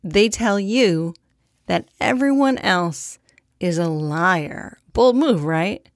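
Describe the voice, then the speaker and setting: A woman's voice: fairly low pitch, animated, slow, no echo. Young woman podcaster, swears a lot, candid and jokey, dry close mic. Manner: candid, profane and self-deprecating. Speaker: podcast host. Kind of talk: casual monologue.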